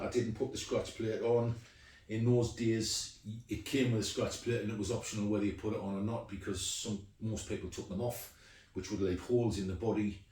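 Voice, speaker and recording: Speaking in a somewhat low, slightly mellow voice, this middle-aged man rambles casually through a show-and-tell of his guitars, saying um a lot. The mic is far off and the room echoes.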